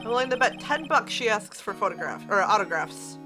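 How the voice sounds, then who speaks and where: A woman's voice: mid-range voice, animated, a little fast, over music. A young woman streamer chatting casually while playing a game, talking to her chat and laughing as she reads. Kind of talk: casual live-stream commentary.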